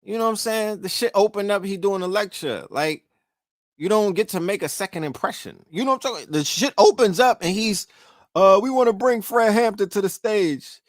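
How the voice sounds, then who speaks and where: A high, lively voice comes fairly quickly from a middle-aged New York podcast host during a casual livestream. He's foul-mouthed and keeps putting questions to his listeners. The studio-quality recording has no echo.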